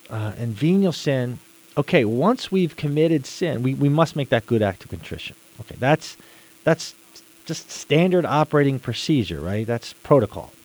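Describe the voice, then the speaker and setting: A man's voice: fairly high pitch, darkish tone, poor audio. A man giving an earnest religious teaching talk, often repeating words for emphasis.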